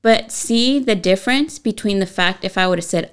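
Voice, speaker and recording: A middle-aged woman and mother, co-hosting a casual parenting chat and telling lively stories. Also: medium pitch, normal speed, hardly any pauses, smooth. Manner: animated storyteller who acts out dialogue. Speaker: co-host and mother.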